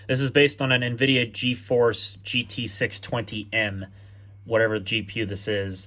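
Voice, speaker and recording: A tech vlogger with a lowish, slightly bright voice casually walks through his laptop setup, thinking out loud and correcting himself as he goes.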